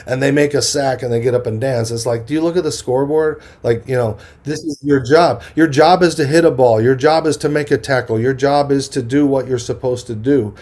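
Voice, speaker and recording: A middle-aged man, a motivational speaker, telling lively stories from his life in an interview, acting out the voices of the people he quotes and often restarting sentences. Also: medium pitch, brisk, hardly any pauses. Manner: energetic storyteller who acts out quoted voices, restarts often. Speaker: podcast guest, motivational speaker. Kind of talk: animated storytelling interview.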